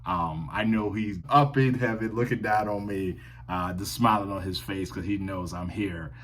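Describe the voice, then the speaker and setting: A man's voice: fairly low pitch, moderate pace, fairly bright tone. A man hosting a music reaction channel, telling a personal story to camera in an earnest, reflective way and often repeating his words. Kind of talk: casual talk to camera.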